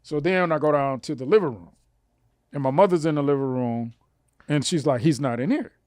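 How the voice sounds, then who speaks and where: A man's voice: brisk, no room sound, clean studio sound. A man telling a long personal story on a comedy podcast, acting out the lines of the people in it. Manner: animated, acts out quotes with rising pitch. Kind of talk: casual storytelling.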